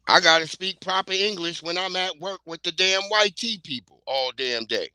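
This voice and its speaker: Heated New man, high bright voice. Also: normal speed, smooth, dry recording. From New York. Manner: blunt, heated, profane street talk. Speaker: livestream host. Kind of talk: casual ranting commentary.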